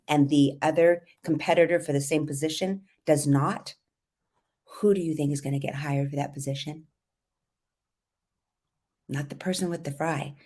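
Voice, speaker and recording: Woman, middle-aged, voice coach, trained voice, low pitch, lively teaching. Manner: lively, demonstrative, exaggerates vocal fry and sung phrases to teach. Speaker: voice and confidence coach. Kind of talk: live coaching tips.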